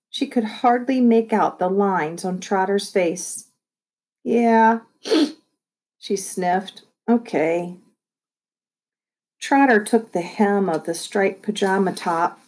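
A woman reading a novel aloud as narrator, gentle and measured. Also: mid-range voice. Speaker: audiobook reader.

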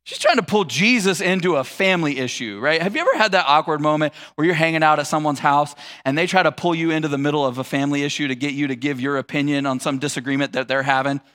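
A man's voice: fairly high pitch, fast talker, hardly any pauses, a bit bright. A male pastor preaching a conversational, humorous sermon that acts out scenes.

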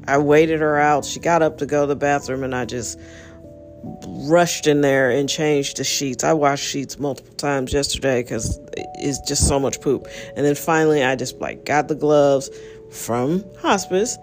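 A tired woman hosting her own podcast, talking in a rambling, candid way full of fillers. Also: sits low. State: tired, yawning. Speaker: podcast host. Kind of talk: casual monologue.

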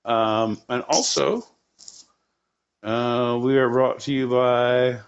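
Man, podcast co-host, crude rambling jokes, middle-pitched voice, slightly dull lo-fi sound. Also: steady tone, takes it slowly, clear, resonant tone. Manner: crude, joking, profane rambling. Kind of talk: casual comedic chat.

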